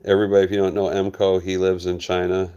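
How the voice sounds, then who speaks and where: A man's voice: sits low, monotone, fast, mellow, clear, resonant tone, dull audio. A man hosting a casual live stream from his farm, talking tenderly to his old dogs and reading viewer comments aloud. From United States. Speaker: farm hospice channel host.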